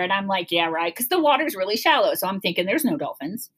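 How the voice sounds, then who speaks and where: A woman's voice: medium pitch, fast. A middle-aged woman from Cleveland, chatting casually with her daughter and telling family stories with laughter and acted-out panic. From Cleveland, Ohio. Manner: animated, laughing, acts out her own panicked voice. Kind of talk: casual storytelling chat.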